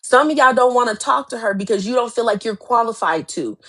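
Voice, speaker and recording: A woman's voice: on the high side, animated, a little fast, a bit bright. Woman, life coach, emphatic, repetitive, direct, live motivational talk.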